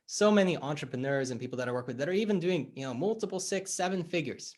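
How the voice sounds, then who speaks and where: A man's voice: fairly high pitch, fast. A man who is a life coach, explaining his ideas in conversation as an interview guest and acting out little dialogues as he tells stories. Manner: animated, acts out dialogue in stories.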